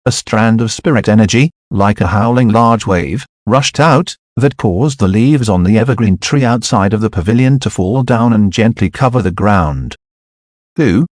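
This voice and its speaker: A man reading a fantasy novel aloud as an audiobook narrator, voicing every character in the same even manner. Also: fairly low pitch, no echo, clean studio sound.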